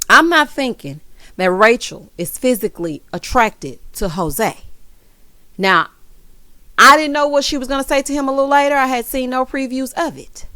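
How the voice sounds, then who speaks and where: A sassy woman talking through a reality show recap, full of side-eye asides, honeys and childs. She throws in loud, high bursts of laughter. The sound is dry and close. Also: normal speed, clear, resonant tone, no echo. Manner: addresses viewers as honey and child. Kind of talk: casual recap commentary.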